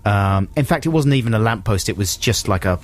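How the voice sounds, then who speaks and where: A man's voice: fairly low pitch, lively intonation, fairly quick, slight background noise. A man hosting a radio show in casual, rambling, jokey chat. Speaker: radio host. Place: radio studio.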